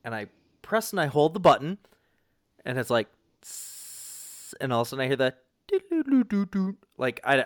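Casual male storyteller, expressive and profane, pitch leaping around, dry close sound. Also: no echo. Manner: animated, swears freely, lots of fillers and restarts. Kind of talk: casual anecdote.

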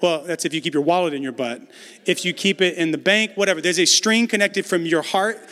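A man's voice: high voice, fairly quick, bright, forceful tone, big-room sound. A man preaching a conversational sermon as pastor, building emphasis through repetition.

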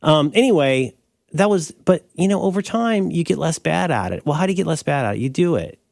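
A man's voice: fairly quick, gravelly, no room sound, studio quality. A man co-hosting a podcast in casual chat, rambling and correcting himself as he explains an idea. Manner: rambling, self-correcting, animated pitch jumps. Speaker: podcast co-host.

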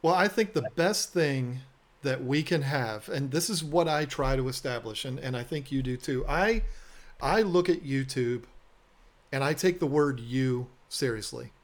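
A man's voice: mid-range voice, a little slow. A man hosting a podcast, telling stories in a casual, earnest and self-deprecating way, often repeating words as he restarts. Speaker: podcast host and aquarium business owner. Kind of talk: casual storytelling conversation.

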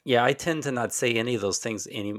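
A man's voice: mid-range voice, fast talker. A man from Louisville with a mostly neutral American accent and a faint Southern trace, a podcast guest who talks animatedly and repeats himself as he thinks aloud. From Louisville, Kentucky. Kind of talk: casual chat.

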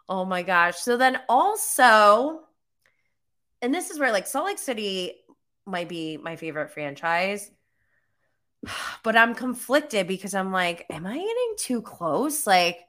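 A woman's voice: medium pitch, sharp tone. A young woman hosting a casual talk show, chatty and full of fillers, laughing often as she talks. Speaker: podcast host recapping reality TV. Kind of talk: casual chat.

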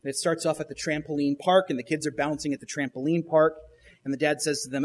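A man's voice: fairly high pitch, steady tone, fast. A male pastor retelling a children's show episode during a sermon, with frequent restarts and emphatic rises.

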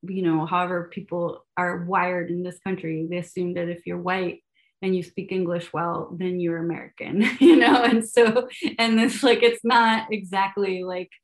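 A woman's voice: on the low side, flat delivery, moderate pace. Chatty young woman, Spanish speaker. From Venezuela. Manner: chatty, many fillers and restarts, laughs often. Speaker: guest, math educator. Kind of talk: casual podcast interview.

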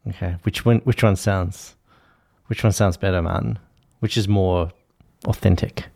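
An Australian man hosts a casual podcast, nudging his co-hosts along with playful questions. His voice sits low and relaxed. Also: measured pace, gravelly. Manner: steering the talk, playful prompts. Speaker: host.

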